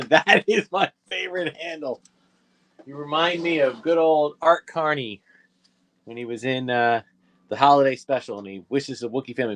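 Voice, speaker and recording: A man hosting a live toy auction with easygoing, chatty patter. He talks straight to the viewers, slips in quick asides and fixes his own slips as he goes. His voice sits at a middle pitch for a man. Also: fairly bright tone.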